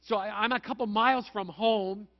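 A man from Manitoba, Canada, preaches in a high voice. His sermon runs like a chat, full of stories and jokes at his own expense. The recording sounds dull and lo-fi. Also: steady tone, normal speed. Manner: conversational, storytelling, self-mocking humor. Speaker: pastor.

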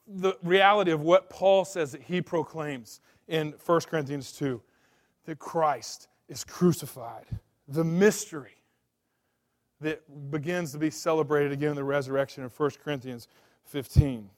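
A man in his thirties delivers a sermon with a voice that sits a little high. He presses urgently on his main points and then falls to a soft, confiding tone. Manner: impassioned preaching with swings between loud emphasis and quiet asides. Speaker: pastor.

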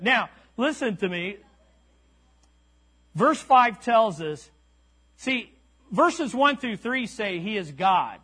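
Slow, high-voiced preaching man. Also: animated, bright, forceful tone. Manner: emphatic, repeats key lines slowly; calls to the congregation. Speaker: pastor. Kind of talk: sermon.

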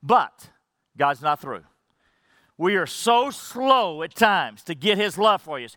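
Fervent preacher man with a bright voice. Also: sing-song, takes it slowly, dry recording, clean studio sound. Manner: swings from fervent rising emphasis to hushed low drops; repeats phrases for emphasis. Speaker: pastor. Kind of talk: sermon.

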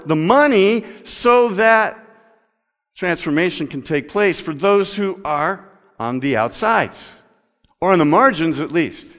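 A male pastor delivering a sermon, moving between loud emphatic stretches and slow, quiet reading. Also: high-pitched. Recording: long reverb of a large hall.

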